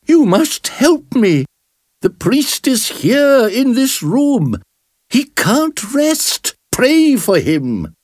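A restless ghost priest from a storybook reading, put on by a woman narrator. The voice sits high and drags each word very slowly, pleading. Dry and close. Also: very animated, darkish tone, no echo, full character voice. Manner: slow, pleading.

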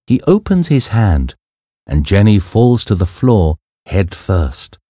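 A man reading a simple story aloud as a narrator, slow and clear. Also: on the low side, big pitch swings, warm tone, a little hiss or hum. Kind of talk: scripted narration of a graded reader.

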